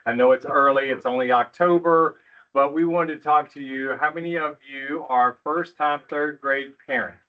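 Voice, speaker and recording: A man's voice: a little high, fairly even intonation, moderate pace. A middle-aged school principal talks to a room of parents, folksy and joking but reassuring. He is picked up from a distance. The recording sounds dull and muffled. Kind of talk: addressing parents at a school meeting.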